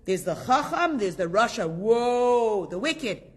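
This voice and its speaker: Middle-aged female teacher, husky tone, animated and conversational, quizzes the room. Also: medium pitch, normal speed. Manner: lively, chatty, asks the class questions. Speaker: Torah class teacher. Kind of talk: casual group class.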